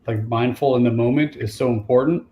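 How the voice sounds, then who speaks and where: A man's voice: mid-range voice, fairly even intonation, a little fast, dark tone. A man on a video-call panel, speaking in an easygoing way with hesitant fillers. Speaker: panelist therapist. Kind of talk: casual panel discussion. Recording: roomy echo with faint noise.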